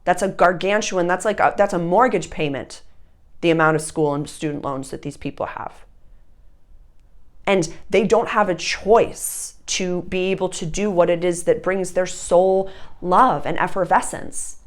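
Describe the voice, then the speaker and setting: A woman's voice: fairly low pitch, unhurried. A woman spiritual coach giving an earnest, emphatic solo talk to her viewers, rambling from point to point.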